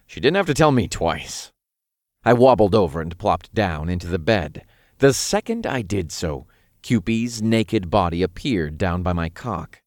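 Brief: male narrator, low voice, dry close-miked read. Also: dry recording. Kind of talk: scripted first-person narration.

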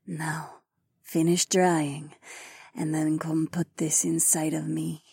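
A man doing a soft, purring cat-woman. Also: sits high, fairly even intonation, measured pace, slightly rough, dry recording, studio quality, voice pushed up, full character voice. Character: sultry cat-woman wife, calm and teasing. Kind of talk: erotic audiobook narration.

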